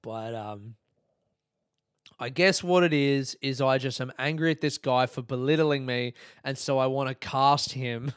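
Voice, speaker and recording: A man's voice: medium pitch, takes it slowly, pauses often, smooth, dry recording, clean studio sound. A man, a comedian, talking on his own podcast, rambling and swearing and laughing at his own jokes. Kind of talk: solo podcast monologue.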